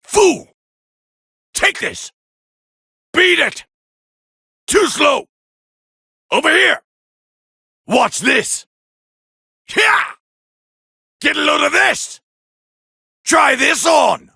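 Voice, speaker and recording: An actor playing an arrogant, proud alien warrior prince, barking boastful taunts and battle cries in gravelly video game voice clips. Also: male voice, extremely high pitch, expressive, very slow, pauses often, bright, forceful tone, no echo, studio quality, exaggerated voice. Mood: arrogant, furious. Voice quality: gravelly, raspy. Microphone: close studio mic, dry.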